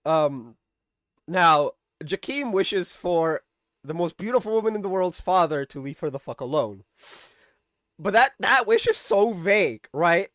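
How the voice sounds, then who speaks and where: A chatty man with a fairly high voice recaps a TV episode in a casual, loose way. He keeps checking in with the listener and drops the odd curse word. The recording is close and dry, with no room sound. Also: very animated, a little slow, a bit bright, no room sound. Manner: chatty, keeps asking "right?", swears casually, laughs often. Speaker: TV episode reviewer.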